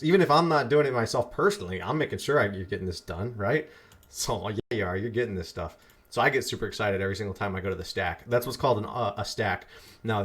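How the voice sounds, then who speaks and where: A man with a lowish, slightly bright voice teaches an online marketing course in a casual screen-share lesson. He's chatty and loose, repeating phrases for emphasis and muttering asides while he fixes his slides.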